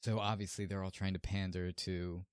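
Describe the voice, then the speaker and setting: A man's voice: sits low, flat delivery, moderate pace, smooth, no room sound, clean studio sound. A young man co-hosting a podcast in casual chat, laid-back, swearing often and laughing. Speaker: podcast co-host.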